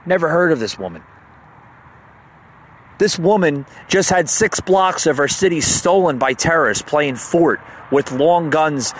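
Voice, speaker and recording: An agitated man hosts a political rant, his voice pitched a little high. He stammers, repeats himself and turns sarcastic as he works himself up. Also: slight background noise. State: heated up. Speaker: podcast host.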